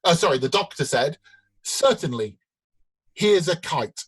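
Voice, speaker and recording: Man, podcast co-host, jokey, chuckles a lot, husky, dry close sound. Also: fairly high pitch, animated, a little slow, no echo, low-quality recording. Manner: jokey, chuckles often while telling puns. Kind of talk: casual podcast chat.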